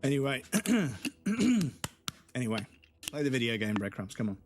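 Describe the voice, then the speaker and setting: A British man talking casually on a game stream. His voice sounds stuffed up, and he keeps clearing his throat. He rants in a mid-pitched voice and swears constantly. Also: fast. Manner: ranting, heavy swearing. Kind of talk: casual live-stream chat.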